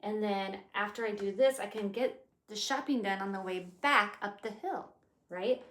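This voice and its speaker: A woman in her fifties chatting casually as she plans her day out loud, rambling and swearing now and then. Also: medium pitch, moderate pace, reverberant. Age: 50s. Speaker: vlogger. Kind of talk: casual day-planning chat.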